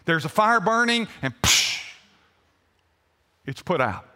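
Male pastor, animated storyteller, bright and forceful tone, echoing through a big sanctuary. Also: sits high, normal speed, a little hiss or hum. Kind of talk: sermon.

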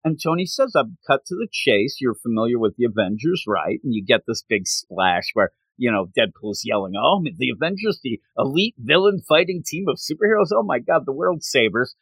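Animated man retelling a comic. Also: mid-range voice, brisk, creaky, hardly any pauses, slightly rough, dry recording. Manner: animated storytelling, acts out characters' lines, laughs often. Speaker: comic book podcast co-host. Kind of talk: casual chat recapping a comic.

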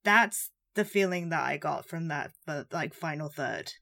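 Woman, somewhat low voice, thoughtful, casual film chat. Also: expressive, a little slow, gravelly, sharp tone.

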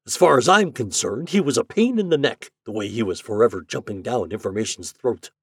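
A man voicing a scheming, chubby male propaganda chief in an audiobook story, pushy and persuasive, pitched a little higher than his narration. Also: animated, a little fast, husky, no echo, studio quality. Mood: persuading.

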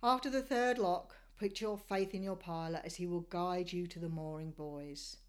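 A woman's voice: lowish voice, smooth. Woman narrating a sailing voyage. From Australia. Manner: measured, descriptive storytelling. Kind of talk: scripted travel narration.

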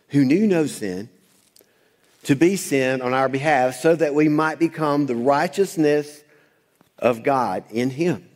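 A man's voice: mid-range voice, takes it slowly, darkish tone. A man preaching a sermon, quoting scripture, asking questions and answering them himself, and calling on the congregation to repeat lines back. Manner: quotes scripture, asks and answers own questions. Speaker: pastor. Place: church sanctuary. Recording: long hall reverb.

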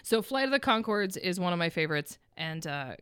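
A woman's voice: fairly low pitch, lively intonation, a little fast, noisy background. A woman hosting a radio music show, chatting in an upbeat way and laughing often. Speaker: radio host. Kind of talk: casual radio chat. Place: radio studio.

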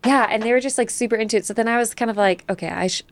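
A woman hosting a casual chat, asking questions in a lively, curious way. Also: on the high side, very fast, dry recording. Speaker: host.

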